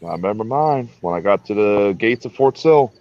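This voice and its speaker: A man's voice: fairly low pitch, expressive, moderate pace. Guy telling a crude army story, voice swinging up and down, muffled dry mic. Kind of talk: casual storytelling chat.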